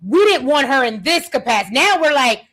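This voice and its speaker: 高めの明るい声の女性ホスト. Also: female voice, high voice, very animated, a little fast, a bit bright. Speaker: podcast host. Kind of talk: casual chat.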